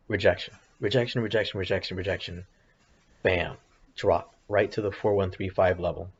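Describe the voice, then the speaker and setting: A man's voice: sits low, vocal fry, darkish tone, slightly rough, highs cut off. A tired, yawning man rambling and thinking aloud over his trading charts in casual commentary, often putting himself down. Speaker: options trading vlogger. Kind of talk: casual screen-share commentary.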